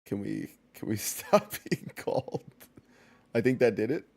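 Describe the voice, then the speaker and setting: A man's voice: fairly low pitch, very animated, measured pace, creaky, a little mellow. A man giving casual, jokey commentary while streaming a game, laughing often and chatting with his viewers.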